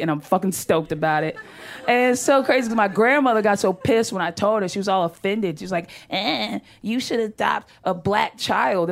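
A brash woman doing stand-up, swearing freely and talking to the room as if chatting with friends. Her voice sits at a middling pitch. A faint hiss of noise lies under it. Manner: brash, profane, conversational punchlines. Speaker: stand-up comedian. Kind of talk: stand-up comedy set.

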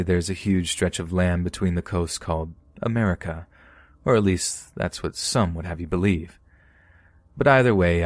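A man narrating a true horror story for a podcast in a steady, storytelling manner. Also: low voice, dry recording.

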